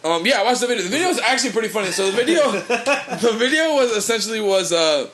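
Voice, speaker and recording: A man's voice: high voice, expressive, quick pace, a bit bright. A young man, a podcast co-host, telling a loose, rambling story in casual chat, swearing freely.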